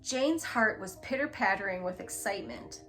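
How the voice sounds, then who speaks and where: A woman reading a children's book aloud in a gentle, expressive storytelling manner. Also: medium pitch, normal speed, music in the background. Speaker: storybook reader.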